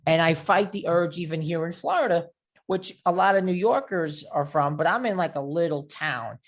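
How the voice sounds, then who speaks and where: A man's voice: a little high, moderate pace. Chatty man with a Long Island accent. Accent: Long Island New York. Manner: rambling, animated storyteller. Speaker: podcast host. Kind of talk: casual interview chat.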